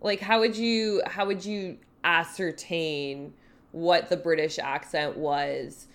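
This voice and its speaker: Woman cohost, talks real slow, lowish voice, dry wry humor, podcast chat. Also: fairly even intonation. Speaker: podcast co-host. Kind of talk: casual chat recapping a TV show.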